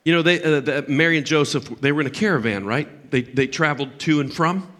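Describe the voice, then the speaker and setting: An older man preaching a sermon as pastor, impassioned, swinging from loud emphatic peaks down to low, quiet asides. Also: fairly quick.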